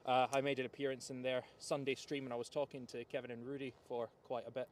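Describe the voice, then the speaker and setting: A man's voice: medium pitch, level tone, fast talker. A man in his twenties, a guest chatting casually on a live stream, talking eagerly with fillers. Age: 20s. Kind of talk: casual chat.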